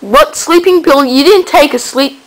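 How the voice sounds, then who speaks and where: A young woman acting as sidekick and camera operator in a homemade comedy sketch, with a deadpan, slightly exasperated manner. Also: high voice, normal speed, poor audio.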